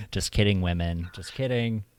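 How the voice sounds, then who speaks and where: A man's voice: fairly low pitch, slight background noise. A man from Oklahoma hosting a stream, chatting casually with many fillers and laughs. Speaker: streamer host. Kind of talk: casual chat.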